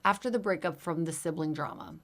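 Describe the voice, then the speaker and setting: A woman co-hosting a casual podcast, telling stories in a lively way, acting out quotes and using lots of "like" and "um". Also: low-pitched, a little fast. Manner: animated storyteller, lively acted-out quotes; many fillers like "like" and "um". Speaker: podcast co-host, hairstylist.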